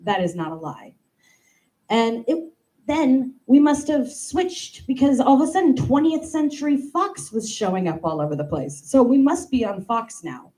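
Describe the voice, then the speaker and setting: Female comic, 30s, warm low-key tone, lively storyteller who acts out every quote. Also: normal speed, low-quality recording. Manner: animated, acts out quoted voices, playful asides. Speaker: comedian doing a stand-up bit. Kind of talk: stand-up comedy monologue.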